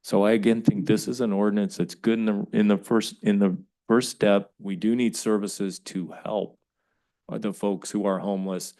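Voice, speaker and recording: Emphatic man debating at a council meeting. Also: sits low. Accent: Californian English. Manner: forceful, emphatic, frequent restarts. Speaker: city council member chairing the meeting.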